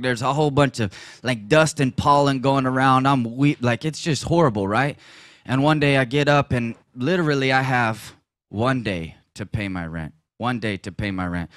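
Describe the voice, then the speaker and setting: A man giving a personal testimony at a church gathering, telling the story with laughs and sudden loud bursts. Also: lowish voice, no room sound, clean studio sound.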